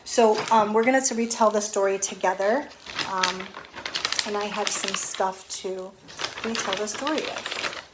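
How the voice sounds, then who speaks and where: A woman teacher reading a picture book aloud to children, gently explaining words as she goes. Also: mid-range voice, steady tone, unhurried, heavy background noise.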